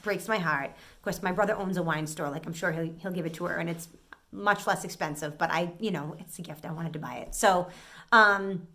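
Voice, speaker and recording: A woman's voice: lowish voice, brisk. A middle-aged woman from an Italian-American family, telling an exasperated story as a vlogger and acting out what people said. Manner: animated, exasperated, acts out quotes. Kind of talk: casual storytelling rant.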